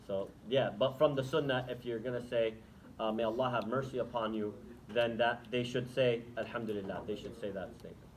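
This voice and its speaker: A man's voice: mid-range voice, fairly even intonation, brisk, slight background noise, rough recording. A man giving an Islamic lecture to students, talking conversationally and asking the audience rhetorical questions, then taking questions. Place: lecture room.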